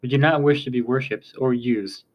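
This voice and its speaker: A man reading the part of a calm, courteous older tribal chief in an audiobook, speaking in a measured, formal way. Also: medium pitch, muffled recording, lightly acted. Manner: measured, formal, polite speech.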